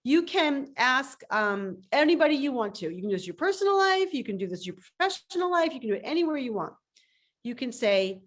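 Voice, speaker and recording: A woman's voice: sits high, a little fast. A woman coach speaking emphatically as a guest on a video call interview, telling stories with lots of energy. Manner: animated, emphatic storytelling. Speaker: startup coach.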